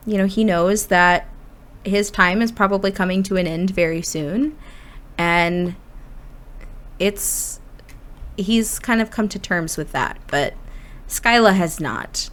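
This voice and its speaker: A woman narrating her life-simulation game in a casual, chatty way, often restarting her sentences. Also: medium pitch. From Indiana. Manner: chatty, many restarts and "you know" fillers. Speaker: Sims gameplay narrator. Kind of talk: casual gameplay storytelling.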